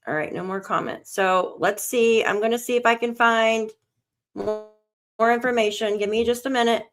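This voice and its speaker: A woman's voice: fairly high pitch, steady tone, normal speed. A woman hosting a live stream on a missing child case, anxious and shaky, talking to herself as she searches for news. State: shaken, on edge. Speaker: livestream host covering a missing child case.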